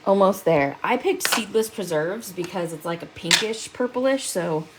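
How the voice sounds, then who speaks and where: A chatty, upbeat woman demonstrates a craft project live. She reads out viewer messages as she works and laughs easily. Her voice sits at a middle pitch. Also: lively intonation, moderate pace, very noisy. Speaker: crafting livestream host. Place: seated at a home craft desk.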